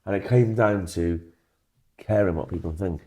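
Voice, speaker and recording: A man's voice: low voice, moderate pace, a little mellow. A man in casual conversation who tells a personal story with a self-deprecating touch. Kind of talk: casual chat.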